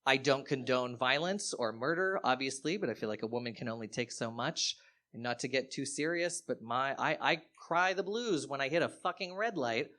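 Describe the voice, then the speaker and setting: A man performing stand-up comedy on stage, telling a story in an animated, profane way with sudden loud outbursts. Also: mid-range voice, normal speed. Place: live stage show.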